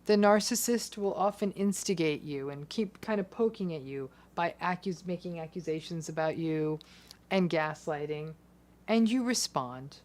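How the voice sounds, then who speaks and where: A woman with a somewhat low voice delivers a measured, deliberate explanation of a psychology topic. She leans on pauses for emphasis as she works through her points. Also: a little mellow. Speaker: psychology educator. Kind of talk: scripted explanatory talk.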